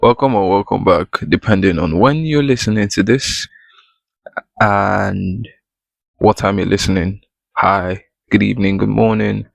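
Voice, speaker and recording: A man with a low, gravelly voice hosts his solo podcast. He talks to the listener in a playful, conversational way. The sound is close and dry, with no room echo. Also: a little slow. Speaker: podcast host.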